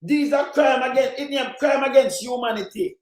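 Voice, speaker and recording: A man with a Jamaican accent ranting angrily about politics in patois, repeating himself and bursting into shouts. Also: extremely high pitch, moderate pace, echoey room, poor audio. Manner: heated, repetitive, bursts into shouting. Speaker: commentator. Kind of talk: angry political rant in patois.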